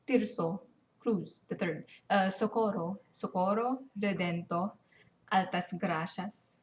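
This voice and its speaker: A young woman with a mid-range voice delivers casual game commentary at a slow pace. She rants animatedly and sarcastically, swearing freely as a gaming video commentator.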